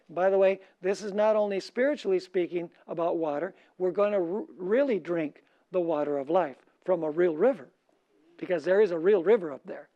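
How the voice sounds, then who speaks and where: High-pitched pastor guy preaching, asks the crowd to fill in words, dull muffled recording. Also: warm tone. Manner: asks the audience questions and pauses for them to finish his sentences; slows down and lifts his voice when reading scripture. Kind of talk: sermon lecture.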